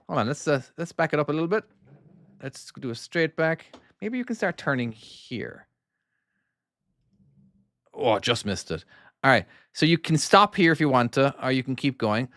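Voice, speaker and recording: A middle-aged man with a softened Irish accent, chatting to his live-stream audience while playing his own trucking game. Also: mid-range voice, no echo, clean studio sound. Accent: Irish, softened by years in the US. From Ireland. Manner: rambling and chatty, talking to chat while driving.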